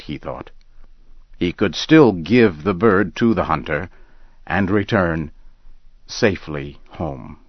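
A man reading a scripted story aloud in a slow, measured way. The recording sounds dull and lo-fi. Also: low voice, no echo.

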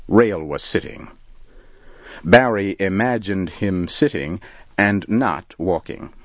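A man reading a story aloud in a calm, measured way, in a dull lo-fi recording. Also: deep voice, dry recording. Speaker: narrator.

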